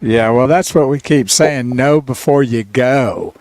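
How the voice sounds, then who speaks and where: A man's voice: mid-range voice, a little slow, darkish tone, no echo. A man co-hosting a radio show, chiming in with short questions and remarks. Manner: short interjections and prompting questions. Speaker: radio co-host. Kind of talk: casual radio banter.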